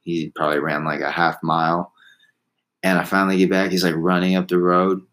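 A man's voice: low-pitched, level tone, a little fast, fairly bright tone, poor audio. A man casually telling a long story, rambling with restarts and laughing at himself.

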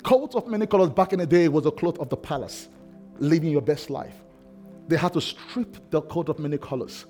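Impassioned high-voiced preacher man. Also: fairly quick, faint music behind. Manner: impassioned preaching, swinging from shouts to hushed tones. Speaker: pastor. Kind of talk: sermon.

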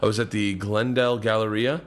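A man's voice: fairly low pitch, fairly even intonation, a little fast. A man talking as a podcast guest in casual chat, profane and thinking aloud as he goes.

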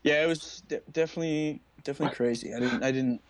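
A fast-talking young man with a mid-range voice co-hosts a casual podcast, and the recording has no room sound. His stories are lively and profane, with quotes performed in character.

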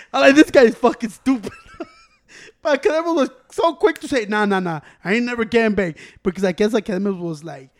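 High-voiced fast-talking man. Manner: animated storytelling, acts out quotes loudly; swears a lot, laughs often. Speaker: podcast co-host. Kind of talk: casual chat.

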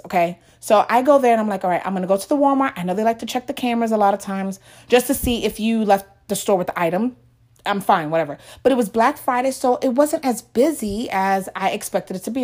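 Chatty woman telling a story. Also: on the high side. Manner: chatty, animated, laughs often, addresses viewers as guys. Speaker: vlogger. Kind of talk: casual storytelling vlog.

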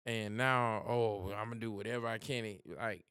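A man's voice: lowish voice, fairly even intonation, moderate pace, fairly bright tone, clear, resonant tone, dry recording. A man co-hosting a podcast, talking in an easygoing casual chat and swearing freely. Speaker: podcast co-host.

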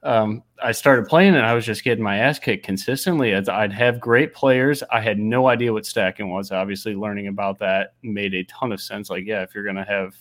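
A man's voice: on the low side, fairly quick, few pauses, fairly bright tone, dry recording. A young man with a Midwestern accent, a podcast guest talking casually and with self-deprecating humor. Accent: Midwestern American.

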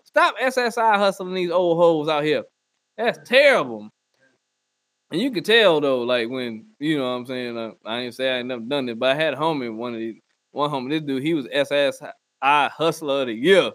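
A man delivering a loud, profane comedic rant and often slipping into mock voices. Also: on the high side, fairly quick, no echo. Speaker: comedy podcast host. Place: Northwest Arkansas.

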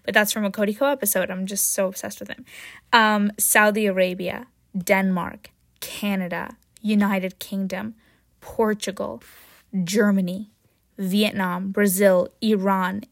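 A woman hosting her own podcast in a casual, jokey chat, often tagging "right?" and "um", with sudden excited jumps in pitch and loudness. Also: a little slow, creaky, dry recording, clean studio sound. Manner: chatty and jokey, with frequent "right?" and "um". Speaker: podcast host.

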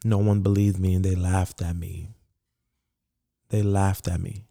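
A middle-aged man tells his story in an interview, his voice low and mellow. He talks earnestly, repeats phrases for emphasis, and acts out the voices of people he quotes. The sound is close and dry. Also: flat delivery, a little slow, creaky, no room sound. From Brooklyn, New York. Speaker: founder of a sneaker charity.

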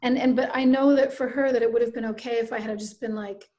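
A woman in her thirties from the Canadian Maritimes, with a fairly high voice, speaks in an interview. She is earnest and reflective and tells her own story at length, slipping into the voices of people she quotes. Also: steady tone, quick pace, mellow, low-quality recording. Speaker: guest, bereaved mother and author.

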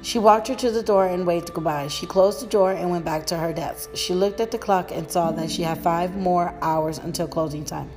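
A woman's voice: fairly low pitch, fairly even intonation, moderate pace, few pauses, darkish tone, faint music behind. A woman reading a story aloud in a plain manner, with small slips and restarts.

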